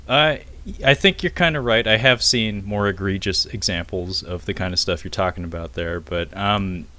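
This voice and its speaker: A man with a lowish, forceful voice co-hosts a film podcast. He talks loosely and swears freely, padding his thoughts with "uh". The delivery is casual and conversational. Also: normal speed, no room sound. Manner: loose and profane, many filler "uh"s. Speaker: podcast co-host. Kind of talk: casual film review chat.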